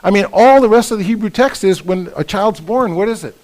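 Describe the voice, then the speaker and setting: An older man teaching a Bible session at a couples retreat, lively and often checking in with the audience. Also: sits high, brisk, rough recording. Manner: lively, asks the audience for agreement. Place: conference room at a resort.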